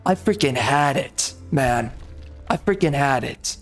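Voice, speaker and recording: A gaming video creator with an animated, medium-pitched voice rants angrily over gameplay in a video, repeating himself in exasperation. He speaks unhurriedly, with soft music in the background.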